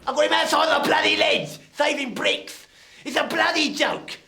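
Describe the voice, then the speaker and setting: A man doing a gravelly blustering agent. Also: sits high, very animated, brisk, bright, forceful tone, echoey room, full character voice. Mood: fed up. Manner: blustering, flustered, rambling. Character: harassed wheeler-dealer male showbiz agent, blustering.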